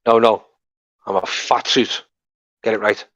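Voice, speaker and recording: A man's voice: fairly low pitch, little pitch movement, measured pace, a bit bright, no room sound. Guy hosting a live stream, brushing it off defiantly, muffled dull audio. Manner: defiant, dismissive. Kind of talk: heated live stream argument.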